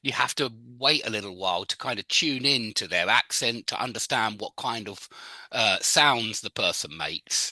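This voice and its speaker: A man teaching English in a live online group class, chatty and quick to laugh. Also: lowish voice, no room sound. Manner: lively, chatty, laughs often. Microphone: video call.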